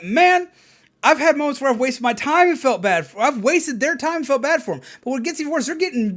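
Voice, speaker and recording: A woman streamer chatting casually on a live stream, telling stories in an animated, profane way. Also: high-pitched.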